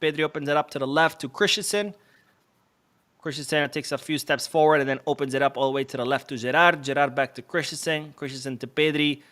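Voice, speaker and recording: A man's voice: a little high, quick pace, fairly bright tone. Chatty man hosting a match watch-along. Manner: chatty, self-deprecating, reads viewer comments aloud. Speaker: live stream host. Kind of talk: casual live match watch-along commentary.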